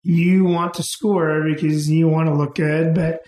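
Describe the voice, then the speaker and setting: Man, middle-aged, mellow tone, unhurried storytelling, echoey room. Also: on the high side, little pitch movement. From Canada. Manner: unhurried, chuckles while telling anecdotes. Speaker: interview guest. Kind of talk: casual storytelling.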